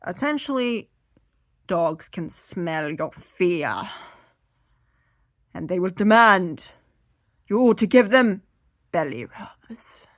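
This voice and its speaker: A woman does seated stand-up comedy, rambling along in an animated way. Her voice sits low-ish, and the sound is dry and close. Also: vocal fry, no echo.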